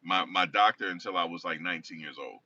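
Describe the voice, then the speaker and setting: A man's voice: low voice, fast talker, sharp tone. A man casually telling a rambling personal story, often correcting himself. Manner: rambling, self-correcting, conversational. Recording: distant dull lo-fi recording.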